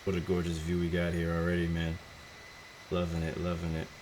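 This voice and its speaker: Chill young guy with a real low voice talking thru a flight sim, faint hiss behind. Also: completely flat delivery, a little fast, darkish tone. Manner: laid-back, chatty, laughs often. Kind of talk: casual gameplay commentary.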